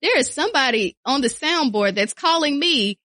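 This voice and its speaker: A woman radio personality talking casually in a studio interview, lively and repeating phrases for emphasis. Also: high voice, moderate pace, dry recording. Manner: animated, acts out quoted voices, repeats phrases for emphasis.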